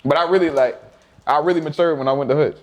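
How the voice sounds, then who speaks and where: A man's voice: fairly high pitch, fast talker. Profane, laughing man telling stories. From Mobile, Alabama. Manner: animated, profane, laughing anecdotes. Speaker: interview guest. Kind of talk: casual storytelling interview.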